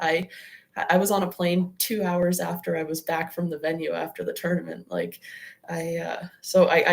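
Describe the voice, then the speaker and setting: A young woman talks as a guest on a podcast, her voice low and full of vocal fry. She sounds casual and reflective, filling her sentences with "like.". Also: a little mellow. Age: young adult. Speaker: guest athlete. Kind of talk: podcast interview.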